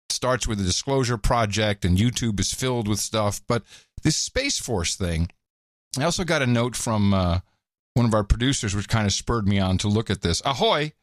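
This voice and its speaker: A man hosting a podcast, chatting casually and reading listener notes aloud in an animated way. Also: medium pitch, no room sound, clean studio sound. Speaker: podcast host. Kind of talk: casual chat.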